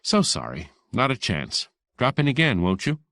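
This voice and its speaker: A man's voice: mid-range voice, wildly swooping pitch, normal speed, bright, forceful tone, dry recording, studio quality, pitched above the performer's own voice, full character voice. A man voicing a tough, wisecracking woman receptionist in an audiobook, sarcastic and mock-sweet. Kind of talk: audiobook character voice.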